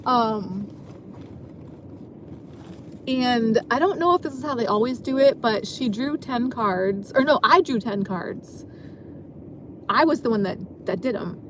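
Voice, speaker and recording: A woman's voice: fairly high pitch, animated, measured pace, pauses often, noisy background. Chatty, self-mocking woman in a car. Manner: chatty, self-deprecating, laughs often. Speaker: vlogger and dancer. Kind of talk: rambling casual monologue. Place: parked car.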